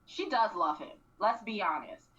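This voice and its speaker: A woman co-hosting a radio show, animatedly recapping a reality series and acting out quotes with frequent throat clearing. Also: medium pitch, expressive, normal speed, a bit bright. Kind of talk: casual recap chat. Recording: distant, dull lo-fi radio mic.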